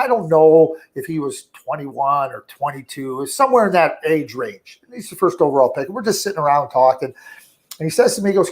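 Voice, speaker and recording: A middle-aged man with a slightly raised pitch talks hockey as an interview guest. He rambles, stumbles over repeated words, and perks up when he acts out quotes. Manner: talkative, repeats words and restarts, animated when quoting. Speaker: hockey scouting director, guest. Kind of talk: conversational radio interview.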